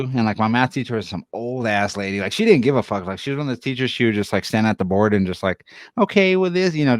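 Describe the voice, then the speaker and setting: Fast-talking, profane young man from Denver. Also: fairly low pitch, no room sound, studio quality. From Denver, USA. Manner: rambling, profane, laughs through stories. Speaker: podcast co-host. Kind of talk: casual storytelling chat.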